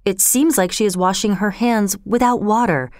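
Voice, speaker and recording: A woman voicing a frightened, dutiful waiting gentlewoman who speaks in a hushed, timid way. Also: medium pitch, normal speed, no room sound, studio quality, natural voice.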